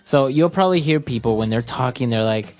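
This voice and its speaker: A woman's voice: extremely low pitch, expressive, fast talker, a little mellow, soft background music. A woman hosting an English lesson podcast, explaining phrases steadily with frequent agreeing fillers. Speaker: English teacher and podcast host.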